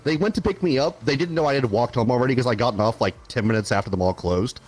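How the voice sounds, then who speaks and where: A young man co-hosting a podcast, telling a story in a casual, animated way, laughing often and swearing freely. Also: mid-range voice, fast talker. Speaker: podcast co-host.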